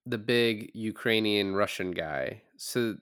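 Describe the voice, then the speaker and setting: A man co-hosting a podcast, reviewing a film in casual chat, animated and swearing freely, laughing often. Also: on the low side, takes it slowly, clear, resonant tone, no room sound, clean studio sound. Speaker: podcast co-host.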